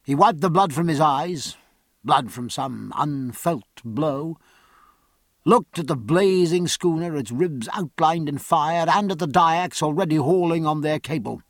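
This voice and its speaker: A man's voice: on the high side, no room sound. Dramatic male audiobook narrator, dry sound. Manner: measured, dramatic reading.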